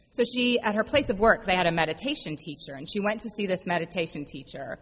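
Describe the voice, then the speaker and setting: A woman pastor delivering a reflective sermon, telling a story gently and slowing down for quiet, emphatic refrains. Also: lowish voice, slightly rough. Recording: dull lo-fi sound with long hall reverb.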